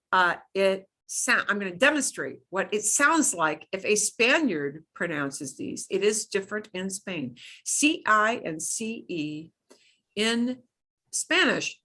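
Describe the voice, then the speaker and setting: A middle-aged woman teaching beginner Spanish, modeling each pronunciation slowly and clearly. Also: medium pitch, bright, forceful tone. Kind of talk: beginner language lesson.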